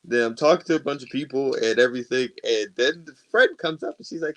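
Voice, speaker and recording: A man's voice: medium pitch, fast talker. A man co-hosting a podcast, telling a story in casual chat with lots of profanity and laughter. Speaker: podcast co-host.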